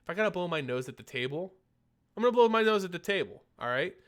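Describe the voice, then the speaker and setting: A man's voice: high-pitched, lively intonation, quick pace. Chatty young man hosting a live stream. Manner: chatty, reads and answers chat questions. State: a little phlegmy. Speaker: streamer host. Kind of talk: casual live-stream chat.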